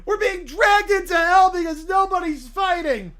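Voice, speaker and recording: Brief: woman playing a melodramatic little boy, high, swooping, shouty and drawn-out. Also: sing-song, heavily acted. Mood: panicked wailing. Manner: shouting, wailing, drawn-out words. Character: panicking little boy, whiny and dramatic.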